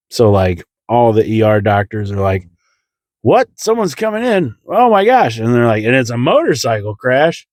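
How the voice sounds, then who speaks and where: A young man telling a self-mocking comic story, acting out the voices of others with sudden jumps in pitch. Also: a little mellow, no echo, studio quality. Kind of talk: comedic storytelling.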